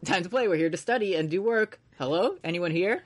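Chill cohost retelling a cartoon plot, mid pitch, lots of swearing and laughs. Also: fairly quick. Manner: animated storyteller, swears, laughs. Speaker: podcast co-host. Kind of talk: casual chat recapping an anime.

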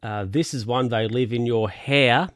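Man reading a dog doctor, storybook, stern, lecturing, slow, mid-pitched. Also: no room sound, clean studio sound, natural voice. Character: brisk no-nonsense male dog doctor.

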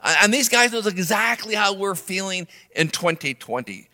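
A middle-aged man delivers a sermon in a bright, fairly high voice that rises and falls widely. He punches some words loudly and lets others fall quiet and low. Long reverb from a large room trails behind him. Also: normal speed. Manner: animated, swings between loud emphasis and soft low asides. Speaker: pastor.

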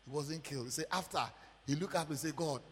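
A male pastor with a Ghanaian English accent, preaching emphatically and swinging from loud outbursts to quiet murmurs. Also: on the high side, fast talker, heavy background noise. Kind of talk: sermon. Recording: long church hall reverb.

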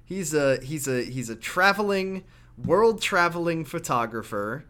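A man in casual chat recapping a video game, lively and acting out character lines as he goes. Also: fairly high pitch, a little slow. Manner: animated, acts out character lines.

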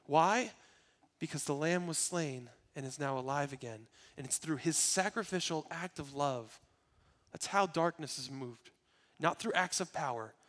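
Preaching a sermon in a somewhat higher voice, this pastor stays earnest all the way, moving from loud, emphatic statements to hushed, quiet moments.

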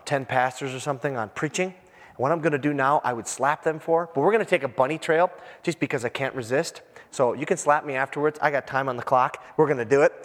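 Man pastor, fairly high voice, lively storytelling sermon, long church reverb. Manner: animated, joking, acts out scenes. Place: church sanctuary.

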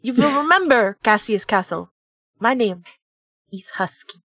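A woman voicing a huge, menacing female beast who threatens slowly in a low voice. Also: expressive, fairly bright tone, dry recording, full character voice. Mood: smug.

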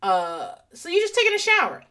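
A woman in a casual, profane, animated chat, rambling through anecdotes and a TV recap from her home office. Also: very high voice, brisk. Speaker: podcaster recapping a TV show.

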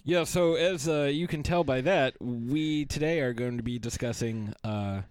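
A man's voice: medium pitch, a little slow, a little mellow, clear, resonant tone, no echo. A man hosting a podcast, rambling and joking crudely in casual chat. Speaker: podcast host.

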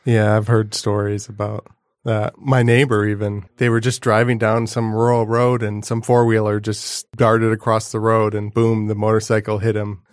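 A man speaks in a low, flat, even tone, telling stories dryly and self-deprecatingly in a casual podcast chat. The sound is close and dry. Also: normal speed, dry recording.

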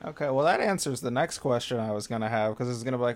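A young man hosting a comedy podcast, riffing quickly with jokes and swearing. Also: mid-range voice, lively intonation. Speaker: podcast host. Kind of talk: casual comedy podcast chat.

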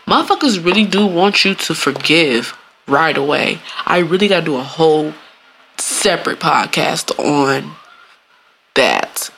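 A woman's voice: low voice, animated, a little slow, vocal fry, fairly bright tone, slight background noise. A woman, hosting a casual solo podcast, talking bluntly and profanely, laughing often and acting out quoted voices. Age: 30s. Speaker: podcast host.

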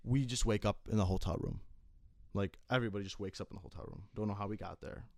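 A young man in casual chat tells stories quickly, rambling and swearing freely. His voice sits fairly low and sounds dry and close, with no room echo around it. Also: vocal fry, a little mellow. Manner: rambling, swears a lot, many fillers. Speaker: storyteller.

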